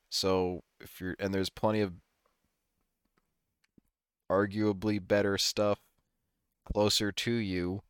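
A man's voice: sits low, clear, resonant tone, no room sound, clean studio sound. A man from the northeastern United States co-hosting a casual chat, rambling in a laid-back way with some swearing. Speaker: podcast co-host.

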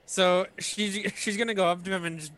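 A man's voice: high voice, steady tone, normal speed, a bit bright, clear, resonant tone. A man playing a tabletop game, hesitant and thinking aloud as he plans his turn. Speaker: player.

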